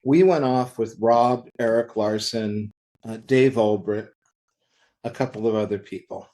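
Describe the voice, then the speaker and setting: A man who works in comics, telling anecdotes in a podcast interview, acting out the quoted lines in lively voices. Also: fairly low pitch, a little slow. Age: older. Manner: animated anecdotal storytelling, acts out quoted dialogue. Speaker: interview guest, comic creator.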